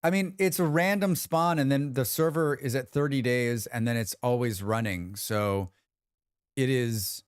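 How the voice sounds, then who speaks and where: Clear and resonant at medium pitch, a man hosting a livestream chats and tells stories at a measured pace. He animatedly plays out other people's lines, swears freely, and is recorded in echo-free studio quality.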